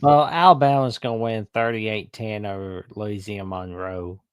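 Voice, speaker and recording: A man's voice: on the low side, steady tone, normal speed, smooth. A man in casual sports talk who speaks bluntly and plainly as he gives his picks. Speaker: co-host.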